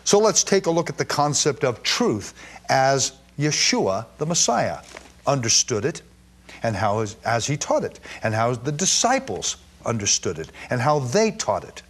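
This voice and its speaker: A man with a slightly husky voice teaches scripture to a live audience, his pitch rising and falling freely as he leans on key words. He reads verses slowly and with weight, then slips into chatty asides and questions for his listeners. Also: big pitch swings. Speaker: Bible teacher.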